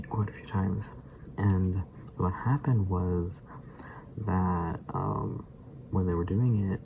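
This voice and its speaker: Brief: low gravelly man, rambling vlog chat, noisy recording. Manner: rambling, hesitant, laughs often. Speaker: daily vlogger. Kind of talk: casual reaction chat.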